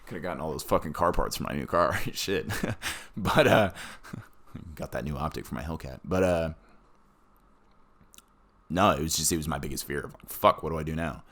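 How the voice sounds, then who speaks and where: A man's voice: rumbling low, normal speed, pauses often, a bit bright. A man, a war veteran, telling his story in casual, profane podcast chat, blunt and often laughing.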